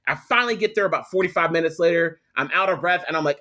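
A young adult man, a guest telling a personal story with lively quoted voices. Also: a little high, quick pace. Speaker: guest, photographer and attorney. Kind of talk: storytelling in a podcast interview.

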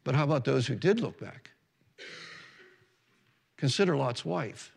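A man's voice: medium pitch, big pitch swings, unhurried, gravelly, slightly rough, big-room sound. A man pastor preaching a sermon in an earnest, unpolished way, reading verses aloud and correcting himself as he goes. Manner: earnest, restarts and self-corrections, reads scripture aloud.

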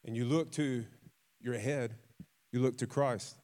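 A man preaching a sermon, telling stories with acted quotes, repeating himself and dropping suddenly to a quiet voice. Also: medium pitch, steady tone, measured pace. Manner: repeats and restarts words, conversational.

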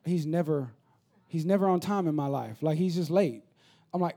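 A male pastor in his thirties preaches a sermon in a church. His voice sits a little high but sounds mellow and warm. He talks casually, then stacks repeated phrases into quick, building runs. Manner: conversational preaching, builds to rapid repetitive crescendos.

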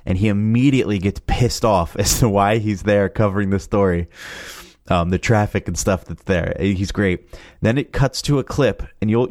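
A man with a lowish voice talks casually through a run of funny clips, amused and chatty and quick to laugh. The sound is close and dry, with no room around him. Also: darkish tone, no echo. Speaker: video reaction host. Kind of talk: casual commentary.

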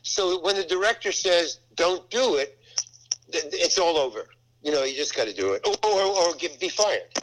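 Older guy, actor telling an old set story, halting and rambly, pitch all over. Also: lively intonation, a bit bright, low-quality recording. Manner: rambling, halting, full of restarts. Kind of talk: casual anecdote.

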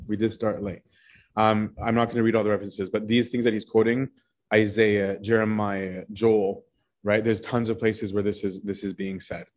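A man with a somewhat low voice teaches a relaxed Bible study group. He talks conversationally, checking in with "right?" and restarting his sentences as he explains a passage. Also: normal speed.

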